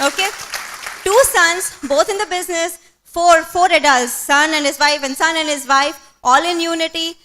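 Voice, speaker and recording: A woman's voice: very high voice, bright, forceful tone. A woman giving an earnest testimonial on stage, chatty and full of fillers. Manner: earnest, conversational, many fillers. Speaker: business speaker.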